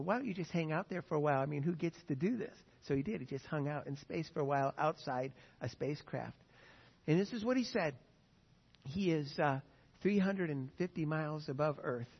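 A man preaching a sermon with an animated, emphatic delivery, often acting out quotes. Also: fairly high pitch. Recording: dull lo-fi sound with long reverb.

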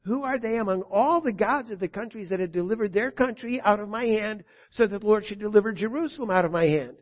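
A preacher voicing a boastful, threatening male royal envoy, loud and proclaiming. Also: high voice, fast, voice pushed up. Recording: dull lo-fi recording.

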